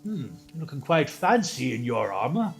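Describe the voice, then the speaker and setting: A man's voice: mid-range voice, very animated, normal speed, vocal fry, soft background music. A man voicing a haughty, menacing golden dragon who makes smug, mock-polite threats.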